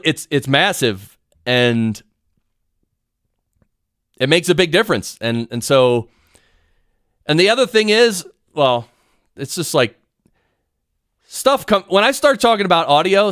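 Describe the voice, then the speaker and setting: A man teaching podcast audio production on a live stream, rambling and excitable, often interrupting himself, speaking into a studio mic in a home studio. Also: medium pitch, no room sound. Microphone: studio mic through audio recorder.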